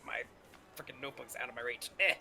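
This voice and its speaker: A man's voice: medium pitch, fast talker, creaky, sharp tone, soft background music. A man playing a tabletop game, chatting in a scattered, self-mocking way. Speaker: player. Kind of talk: casual tabletop game chat.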